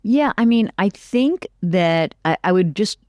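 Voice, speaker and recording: A middle-aged woman, a business analyst, talking through the economy in an animated, emphatic way as an interview guest, often repeating words for stress. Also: mid-range voice, unhurried, dry recording, clean studio sound. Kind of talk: conversational interview.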